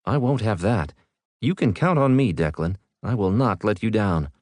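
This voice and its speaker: A man voicing a calm, literal-minded male ship AI with precise, dry delivery. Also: lowish voice, moderate pace, dry recording. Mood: deadpan.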